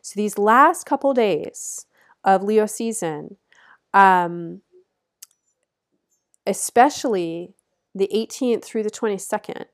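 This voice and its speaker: This astrologer talks slowly, leaving long pauses, in an expressive medium-pitched voice. Her forecast is earnest and encouraging, with instructions repeated to stress her points and gentle laughter between phrases.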